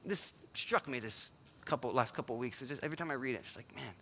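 A man preaching a sermon as pastor, animated, acting out quoted figures and dropping to a near-whisper for emphasis. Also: medium pitch, quick pace, vocal fry, slight background noise. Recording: long hall reverb.

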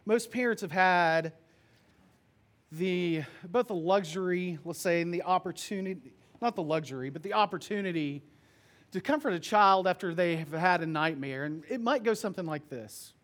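A male pastor preaching a sermon, reading scripture and telling stories in an earnest, expressive way. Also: sits high, moderate pace.

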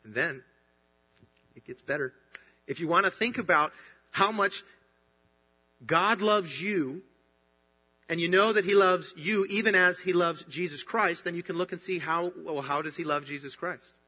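Bright-voiced pastor man preaching in a hall. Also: on the high side, unhurried, long pauses, breathy edge. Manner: earnest, emphatic preaching with rising bursts of excitement. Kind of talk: sermon. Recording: dull sound with long hall reverb.

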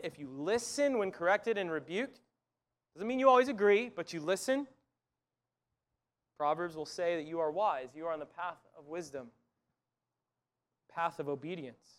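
A high-pitched man delivers a sermon in an earnest, conversational tone. He speaks directly to his listeners and often repeats the first words of a phrase before finishing it. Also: expressive, moderate pace, long pauses. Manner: earnest, conversational preaching with frequent restarts. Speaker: pastor.

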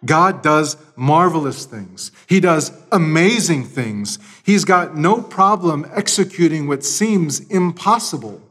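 A man preaches with a slightly raised pitch, moving between scripture and a told story. He acts out the voices of the people in his anecdotes. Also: animated, slow, few pauses, a bit bright. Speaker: pastor. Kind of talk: sermon.

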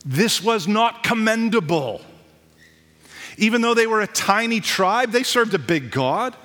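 A pastor preaching a sermon in a loose, conversational style, tossing in asides and jokes. His voice sits fairly high for a man, and a long hall reverb trails after each phrase. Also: lively intonation, a little slow, a bit bright.

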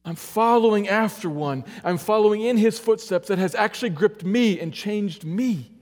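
Male preacher, slightly high voice, emphatic and earnest; long church-hall reverb. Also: moderate pace. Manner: earnest, emphatic, swings between loud urging and quiet low stretches. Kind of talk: sermon.

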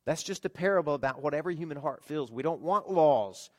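Lively preacher man, fairly high voice. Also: a little fast. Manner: lively storytelling with rhetorical questions. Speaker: pastor. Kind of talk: sermon.

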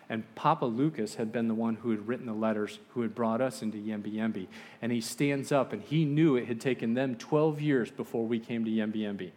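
A man delivers a sermon in an ordinary middle-pitched voice. He tells a story with animated energy and acts out the voices of the people in it. He ends by praying quietly. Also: a little fast. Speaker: missionary preacher.

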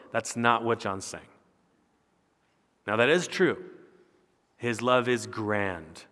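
A pastor preaching a sermon with earnest, emphatic delivery that rises and falls. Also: male voice, lowish voice, measured pace, fairly bright tone, long reverb tail.

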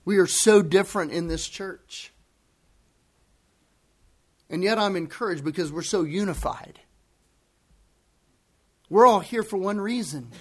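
A male pastor preaching a sermon to his congregation, emphatic and deliberate, repeating key phrases for weight. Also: sits high, breathy edge.

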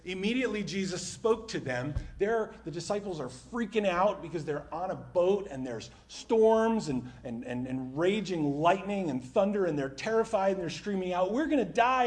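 Animated man preaching a sermon. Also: fairly high pitch. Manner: animated, conversational preaching with sudden drops to a hush. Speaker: pastor. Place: church stage with microphone.

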